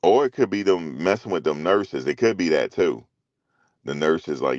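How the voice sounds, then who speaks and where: A man's voice: low-pitched, animated, normal speed, darkish tone, no echo, lo-fi sound. Man, middle-aged, rambling slangy commentary, dry close sound. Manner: loose, rambling storytelling with slang and profanity. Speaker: commentary show host. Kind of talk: casual commentary chat.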